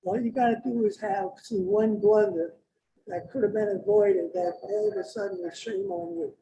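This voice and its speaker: A man's voice: sits high, steady tone, moderate pace, mellow, dull audio, slight background noise. A man speaking up at a public hearing, blunt and plainspoken. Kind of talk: public comment.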